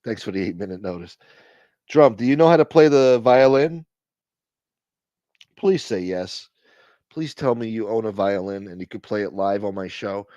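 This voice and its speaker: A man hosting a casual livestream, thanking donors and shouting out viewers by name in a profane, joking way. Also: lowish voice, normal speed, pauses often, no room sound, dull audio. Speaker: livestream host. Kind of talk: casual live chat reading donations.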